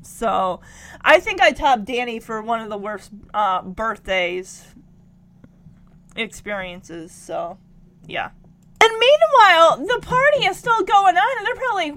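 A woman telling stories casually to camera, animated and emotional, breaking into laughs and sighs. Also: sits high, measured pace. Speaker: vlogger.

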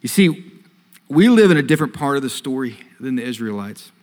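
A male pastor preaching a sermon, telling a story earnestly and swelling louder on key phrases. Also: mid-range voice, sing-song, fairly quick. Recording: long hall reverb.

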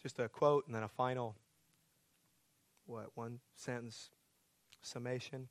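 A man's voice: medium pitch, steady tone, a little slow, no room sound. A man preaching a sermon as pastor, earnest, building to pleading, emphatic questions.

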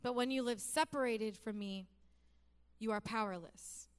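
A woman delivering a church sermon in a chatty, joking way, her voice sitting a little high. She builds to emphatic, repeating phrases as she drives her points home. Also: unhurried, clean tone. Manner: conversational, humorous preaching. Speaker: pastor.

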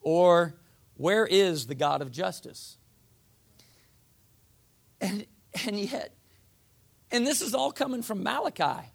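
A man's voice: high voice, takes it slowly, creaky, pauses often. A man preaching a sermon in a folksy, conversational way, reading scripture and acting out what people say. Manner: folksy, uses voiced asides for the people.

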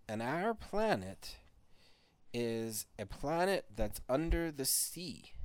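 A man's voice: medium pitch, no echo. A man voicing a polite, worried caller from an undersea planet in a bedtime story.

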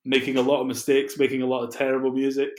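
A young man chatting in an interview, relaxed and laughing often between rambling asides. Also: medium pitch, quick pace. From Scotland. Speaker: guest, music producer. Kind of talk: casual interview chat. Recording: roomy echo.

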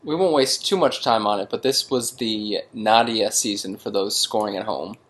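A man's voice: fairly low pitch, moderate pace, fairly bright tone. Man, podcast co-host, casual chat, dry wry humor.

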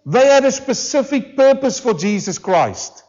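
A pastor preaching a sermon to a church congregation, emphatic and full of rhetorical questions, slowing down hard on key words. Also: male voice, very high voice, big pitch swings, a little mellow, muffled recording. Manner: emphatic, with rhetorical questions and slowed, drawn-out stresses. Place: church service.

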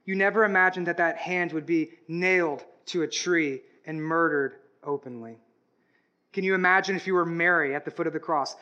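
A man preaching a sermon, swinging between hushed, slow passages and loud, rising declarations. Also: a little high, lo-fi sound. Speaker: pastor.

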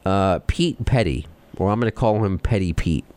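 A man with a New York accent hosting a podcast, talking fast and excitably as he rants. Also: sits low, clear, resonant tone. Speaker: podcast host. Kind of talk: casual chat.

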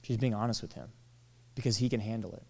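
A man preaching a sermon, animated, acting out quoted lines and dropping to soft, tender tones. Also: on the low side, fast, vocal fry, breathy edge. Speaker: pastor. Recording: long hall reverb.

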